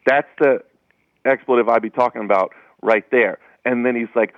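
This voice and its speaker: A man's voice: medium pitch, moderate pace, no echo. Man telling a story down a dull line. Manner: casual, anecdotal, animated retelling. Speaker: sports writer, interview guest. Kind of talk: phone-in radio interview, storytelling.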